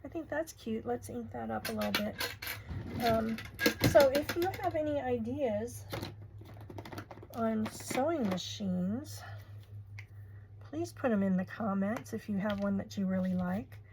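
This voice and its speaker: A woman's voice: a little high, a little slow, long pauses, noisy background. A woman in her sixties hosting a crafting video, chatting casually and gushing over pretty papers and lace. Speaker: crafting channel host. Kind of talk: casual crafting tutorial chat.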